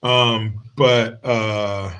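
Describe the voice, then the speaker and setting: A man runs his own livestream, telling family stories with plenty of swearing and laughter in a profane, joking way. His lowish voice is flat and a bit bright, and he draws out his words.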